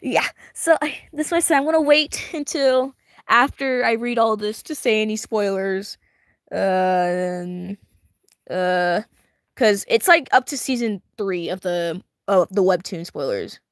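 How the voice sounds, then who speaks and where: A woman reacting to a webtoon as she reads it, excitable and giggly, chatting to her viewers in slang, her voice a little strained and tired. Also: medium pitch, a little slow, dry recording, clean studio sound. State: strained, tiring voice. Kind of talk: casual reaction reading.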